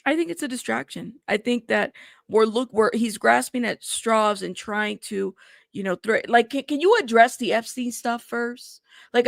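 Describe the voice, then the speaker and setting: Chatty woman commentator with gravelly voice. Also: a little high, a bit bright, no room sound, studio quality. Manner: chatty, reacts aloud while reading news. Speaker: news commentary host. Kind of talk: casual political commentary.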